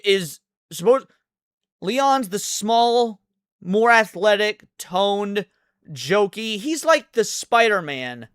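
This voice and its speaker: A man's voice: sits high, a bit bright, clean tone, no room sound. A male streamer ranting through a reaction video, swearing constantly. His voice rises and falls a lot, and the recording is dry and close. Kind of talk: profane reaction commentary.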